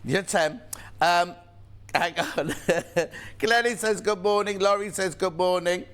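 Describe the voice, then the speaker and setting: Male shopping-channel presenter, slightly high voice, chatty and playful. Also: slow, a bit bright, smooth. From United Kingdom. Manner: chatty, playful, reads viewer messages. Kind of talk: live TV sales presentation.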